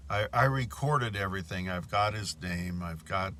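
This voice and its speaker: A man's voice: sits low, normal speed, sharp tone, a little hiss or hum. A man telling a story in a casual monologue, indignant and repeating his points. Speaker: bank customer telling of a complaint.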